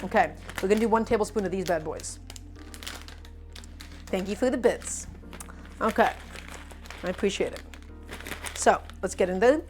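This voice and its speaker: A woman's voice: mid-range voice, normal speed, pauses often, a little mellow, faint music behind. A woman streaming a live cooking demonstration, talking animatedly to viewers as her friends and repeating her points with emphasis. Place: home kitchen.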